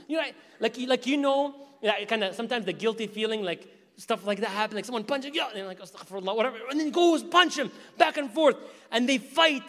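Male preacher, high voice, animated storytelling sermon, acts out voices, long echoing hall reverb.

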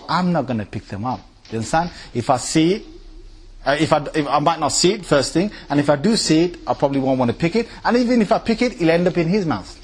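Slightly high and a touch rough, this married father of three gives a lively, informal sermon before a live audience. He mimics people and quizzes his listeners as he goes.

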